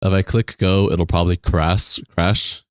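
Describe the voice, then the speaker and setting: A man's voice: low voice, level tone, measured pace, clear, resonant tone, dry recording, studio quality. A man live-streaming a game on a desk microphone, chatting casually, reading chat aloud, laughing and swearing now and then. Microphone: desk USB microphone.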